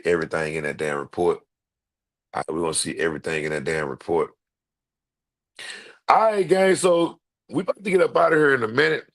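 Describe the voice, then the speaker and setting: A middle-aged man hosting a live stream, talking straight to his chat in an animated, repetitive way and swearing freely. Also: sits low. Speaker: livestream host.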